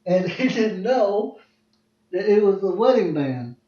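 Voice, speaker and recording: A man in his 20s hosts a podcast over a phone livestream, telling family stories in a rambling, laughing, repetitive way. His voice is high, with big pitch swings, and he speaks unhurriedly in a mellow tone. The sound is roomy, dull and lo-fi.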